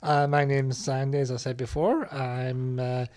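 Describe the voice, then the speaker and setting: A man's voice: mid-range voice, flat delivery, unhurried, a little mellow. A man from Scotland, co-hosting a podcast from home, speaking hesitantly with frequent ums and uhs. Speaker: podcast co-host. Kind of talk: casual podcast chat.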